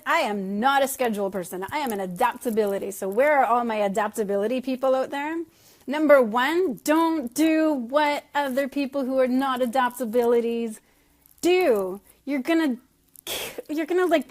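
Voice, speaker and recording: A middle-aged woman leading her sales team on a casual call, chatty and self-deprecating, laughing often. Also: on the high side. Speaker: network marketing team leader.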